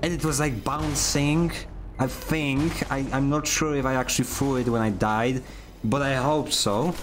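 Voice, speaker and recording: A man's voice: mid-range voice, steady tone, unhurried, over music. A man streaming a video game, chatting casually with playful, mock-dramatic complaints and outbursts. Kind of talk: casual gaming commentary.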